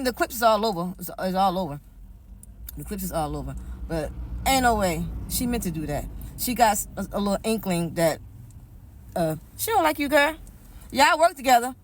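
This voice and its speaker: A woman giving casual reaction commentary, chatty and emphatic, repeating her points. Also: fairly high pitch.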